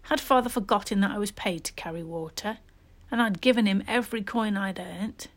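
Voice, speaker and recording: A woman narrating a first-person children's story in a steady, expressive reading voice. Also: medium pitch, a little fast. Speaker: storybook reader.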